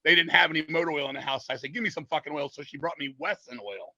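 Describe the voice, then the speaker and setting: A man's voice: fairly high pitch, fast talker, sharp tone, dry recording, rough recording. A man on a podcast telling long, profane, rambling stories in a casual way. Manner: profane, rambling, lots of swearing. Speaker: podcast guest, metal singer. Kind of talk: casual storytelling.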